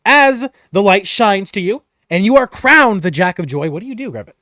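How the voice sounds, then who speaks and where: A game master narrating a tabletop game in a playful, lively way, likely recorded at home over an online voice call. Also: mid-range voice, moderate pace, no echo, clean studio sound.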